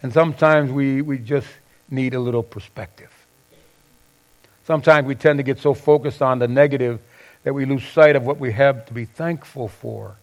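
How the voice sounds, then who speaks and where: A middle-aged man preaching a sermon, swinging from loud bursts to soft asides. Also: medium pitch, fairly even intonation, moderate pace. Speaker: pastor.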